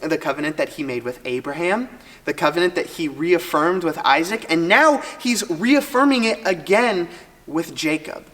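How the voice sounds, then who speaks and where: A teacher retelling a Bible story to students in a casual, lively way with joking asides. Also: medium pitch, normal speed. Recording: long hall reverb.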